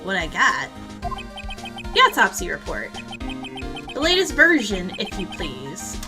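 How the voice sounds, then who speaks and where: A woman's voice: medium pitch, wildly swooping pitch, slow, music in the background, voice pushed down, heavily acted. A woman voicing an earnest young male defense lawyer, polite and questioning. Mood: probing.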